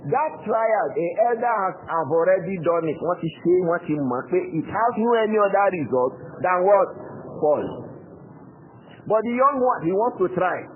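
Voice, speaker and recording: High-voiced man with a Nigerian Yoruba accent lecturing. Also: animated, moderate pace. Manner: rhetorical questions and repeated prompts to students. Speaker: Islamic teacher explaining a book. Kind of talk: classroom lecture. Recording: tinny phone-like audio with faint hiss.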